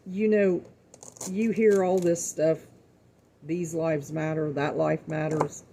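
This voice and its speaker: A middle-aged woman hosts her home cooking show and drifts into earnest, folksy talk about faith. Her voice is mellow and gravelly, with a fry at the ends of phrases. She repeats words to drive a point home. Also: deep voice, slight background noise. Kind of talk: casual faith-filled talk to viewers.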